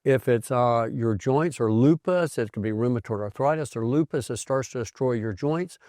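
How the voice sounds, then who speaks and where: An older male doctor telling his own health story in a conversational way, animated and acting out the voices of the people in it. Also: medium pitch, moderate pace, dry recording, studio quality. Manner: animated storyteller who acts out quoted voices. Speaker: physician host.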